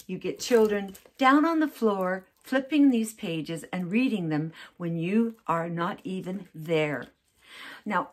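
A woman's voice: medium pitch, breathy edge. A woman teaching children's songs, cheerful and encouraging, explaining each step patiently.

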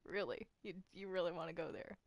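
A woman voicing a mischievous young male cartoon ink demon who teases with a stutter and a deadpan tone. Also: fairly low pitch, fairly quick, no echo, lightly acted. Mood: teasing. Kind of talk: fan voice roleplay.

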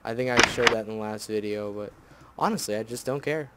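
A man's voice: lowish voice, a little fast, heavy background noise. A man giving casual gameplay commentary, grumbling and swearing whenever things go wrong. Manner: grumbling, easily annoyed, swears. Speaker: let's play host.

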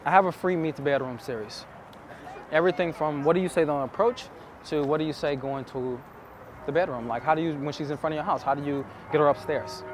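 A man's voice: a little high, fairly quick, a little hiss or hum. A man coaching on dating, telling stories to camera in an earnest, intimate way, repeating phrases for emphasis. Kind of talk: casual storytelling to camera.

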